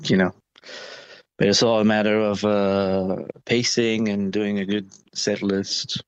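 A man's voice: on the low side, level tone, slow pace, clean tone, dry recording, muffled recording. A man answering interview questions about touring, talking casually with many fillers and restarts. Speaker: touring musician, interview guest.

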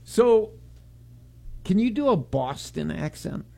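Man, radio talk host, gravelly, mellow tone, casual rambling chat. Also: sits high, very animated, takes it slowly.

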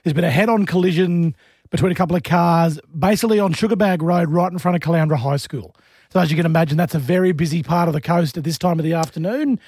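An Australian man co-hosting a radio show from the studio. He tells stories in a chatty, playful way. His voice sits high, and it sounds close and dry on the mic. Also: fast, a little mellow, slightly rough, dry recording. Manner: chatty storyteller, playful, laughs often. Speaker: radio co-host. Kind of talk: casual radio banter.

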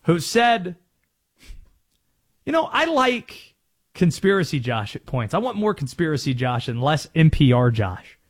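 Lively, chatty sports radio host. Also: male voice, fairly high pitch, a little slow. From North Carolina. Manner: chatty, self-aware, explains his bits.

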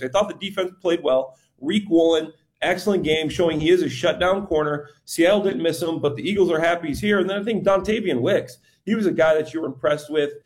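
A middle-aged former player giving casual football analysis, conversational and tripping over names now and then. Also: male voice, a little high, a little mellow. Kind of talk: casual sports chat.

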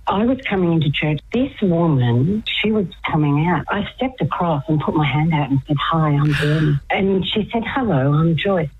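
A woman's voice: deep voice, animated, normal speed, hardly any pauses, husky. A woman guest on a radio show, speaking earnestly and laughing often as she chats. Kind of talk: casual radio chat by phone. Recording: tinny phone line.

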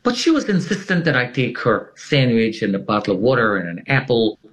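A man's voice: very animated, brisk, fairly bright tone. A man telling a dramatic personal story in an interview, speaking with emphatic swings in tone. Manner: dramatic, swings his pitch widely for emphasis. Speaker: interview guest.

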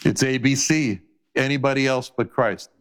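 A man's voice: normal speed, over music. A man preaching a sermon as a Bible teacher, earnest, his voice rising as he quotes scripture. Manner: earnest preaching, rises in pitch when quoting scripture.

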